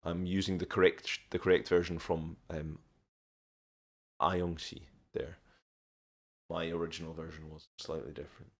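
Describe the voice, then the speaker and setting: A very deep-voiced Scottish man hosts a casual live stream where he teaches English and is learning Korean. He answers viewers one at a time in a relaxed, unhurried way, frequently stopping to restart his sentences.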